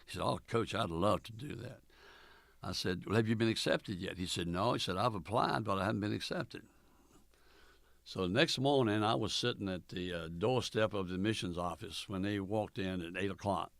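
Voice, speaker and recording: An older man, a former college basketball coach, telling stories in an oral history interview in a folksy, unhurried way with many fillers, acting out the dialogue. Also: lowish voice, vocal fry, a bit bright, no echo.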